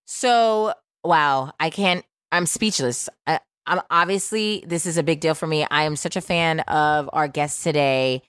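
A woman in her thirties hosts a podcast with a loose, playful and brash manner, swearing freely as she chats. Her voice sits fairly low. The sound is dry and close, with no room around it. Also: measured pace, hardly any pauses, a bit bright, clear, resonant tone, dry recording. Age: 30s. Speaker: podcast host. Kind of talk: casual chat.

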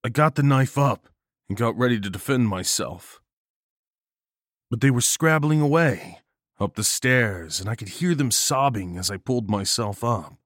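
A man's voice: medium pitch, lively intonation, moderate pace, no echo, clean studio sound. A man giving an intense, dramatic first-person narration of a horror story.

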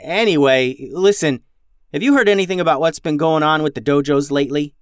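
A man's voice: a little high, fairly quick, smooth, dry recording, studio quality, voice pushed up, natural voice. A man doing an eager young ninja. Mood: urgent.

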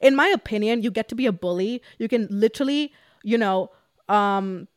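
Profane, animated young woman telling stories. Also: on the high side, moderate pace, no echo, studio quality. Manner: animated, profane, addresses listeners as you guys. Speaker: podcast host. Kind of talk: casual storytelling.

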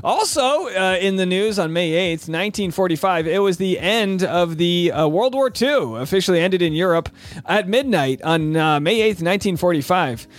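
A man's voice: high-pitched, animated, moderate pace. A man hosting his own podcast as a stand-up comic, talking in an upbeat, jokey way with rambling asides. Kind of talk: energetic solo podcast chat.

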